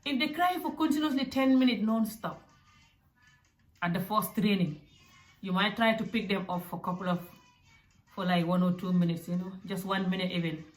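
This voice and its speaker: A young adult woman from Africa giving parenting advice in a casual, direct, animated way. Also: fairly low pitch. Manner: animated and direct, with acted asides. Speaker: parenting vlogger. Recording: echoey room.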